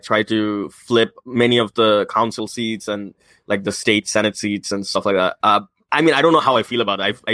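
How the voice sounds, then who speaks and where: A man's voice: fairly low pitch, fairly bright tone, no echo. A man in casual political chat, rambling with hesitant fillers and sarcastic asides.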